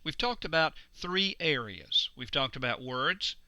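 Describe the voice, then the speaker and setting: A man giving a recorded course lecture, slow and deliberate, stressing key words. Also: fairly high pitch, animated, sharp tone, clear, resonant tone, no echo. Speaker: instructor.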